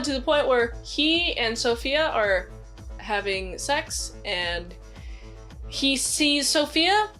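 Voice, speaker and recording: A woman with a slightly high voice retells a film in a loose, rambling way, leaning on "like" at every turn. Soft music plays faintly behind her. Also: animated, takes it slowly. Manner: rambling, many "like"s, acts out quotes. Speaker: movie reviewer. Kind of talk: casual movie review.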